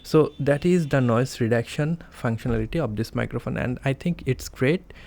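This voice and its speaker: A tech reviewer with a mid-range, slightly mellow voice and some vocal fry talks at a moderate pace. He demonstrates a device step by step, plainly and carefully, with small grammar slips. He's recorded indoors, close up on a desk condenser mic.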